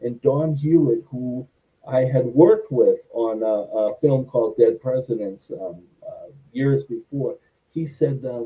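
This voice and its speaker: A man's voice: medium pitch, normal speed, warm tone. A middle-aged man, a former wrestler and stuntman, telling a long rambling story as an interview guest, wandering off on tangents. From Boston, US. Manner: goes off on tangents, acts out quoted dialogue. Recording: distant, muffled audio.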